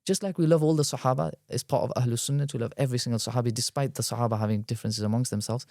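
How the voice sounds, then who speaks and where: A man, a guest scholar, explaining at length in a podcast discussion, quick and animated, weaving in Arabic terms. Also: medium pitch, no room sound, studio quality.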